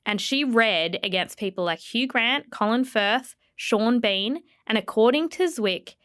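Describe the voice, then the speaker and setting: A woman's voice: fairly high pitch, expressive, a little slow, a bit bright, clean tone, no room sound. Woman podcast host dishing celeb gossip, playful, dry close mic. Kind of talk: casual chat, retelling a celebrity story.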